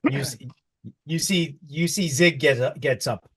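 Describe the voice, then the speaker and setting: A man narrating a tabletop game as game master, halting and restarting often. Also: fairly high pitch, a bit bright, husky.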